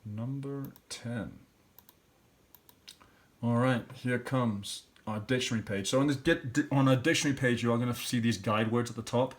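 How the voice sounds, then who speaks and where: A man's voice: mid-range voice, fairly even intonation, normal speed. A man teacher working through practice questions, thinking aloud step by step and sounding out letters and syllables. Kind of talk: classroom lesson walkthrough.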